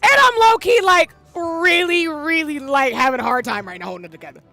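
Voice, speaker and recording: A woman's voice: high-pitched, lively intonation, fairly quick, pushed and bright, faint music behind. A woman in her thirties streaming a game live, tearful, emotional and goofy as she talks through it. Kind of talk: live gameplay commentary.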